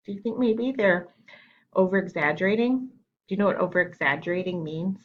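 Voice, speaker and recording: A woman's voice: lowish voice, lively intonation, normal speed, highs cut off, a little hiss or hum. A woman teacher reading a children's picture book aloud, asking the children questions and explaining words as she goes. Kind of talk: children's storytime read-aloud.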